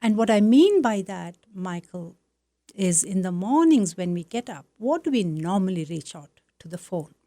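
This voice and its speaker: A woman's voice: mid-range voice, expressive, normal speed, warm tone, dry recording. A woman from South India, a Buddhist nun and interview guest, speaking encouragingly about meditation. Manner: affirming, encouraging, teacherly. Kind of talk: conversational interview.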